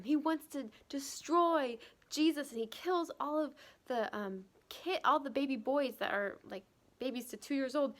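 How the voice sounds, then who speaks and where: A young woman giving an earnest, chatty Bible lesson to children, with fillers and restarts. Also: high voice. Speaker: children's ministry teacher.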